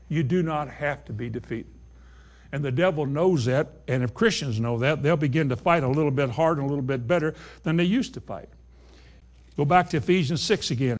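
A man's voice: fairly high pitch, a little mellow. A man preaching a sermon, reading scripture aloud and putting emphatic questions to his congregation.

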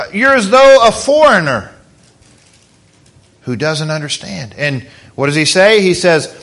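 A man's voice: high-pitched, sharp tone. A man preaching a sermon as pastor, in a conversational way, asking the congregation questions.

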